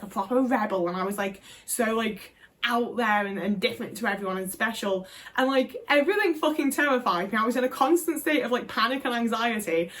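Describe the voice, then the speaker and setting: A young British woman vlogs casually to camera, speaking frankly and emphatically with lots of swearing. Her voice is on the high side and a bit bright, and she uses many fillers and keeps restarting her sentences.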